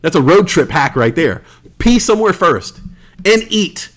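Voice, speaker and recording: A man's voice: fairly high pitch, very animated, measured pace. An American man hosting a casual solo podcast, rambling loosely, swearing freely and reading out listener comments. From United States. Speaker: podcast host.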